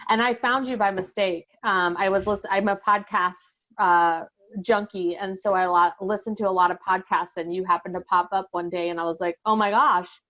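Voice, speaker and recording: A woman being interviewed on a podcast, speaking haltingly with many restarts and nervous laughs. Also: on the low side, fairly even intonation, a bit bright, muffled recording. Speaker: guest sharing her exam success story.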